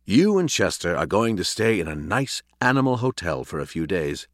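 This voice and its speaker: A man's voice: low-pitched, very animated, normal speed, dry recording, studio quality. A man voicing a cheerful family father in a storybook reading, upbeat and coaxing.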